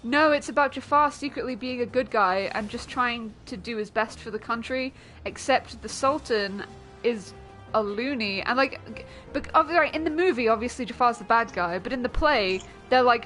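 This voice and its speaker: A young woman streamer chatting casually while gaming, animated and giggly, swearing freely. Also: on the high side, moderate pace, soft background music.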